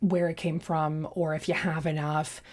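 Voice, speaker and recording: A woman's voice: low voice, little pitch movement, normal speed, a little mellow. A young woman doing casual reaction commentary in a sarcastic, mocking way. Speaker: YouTube commentator.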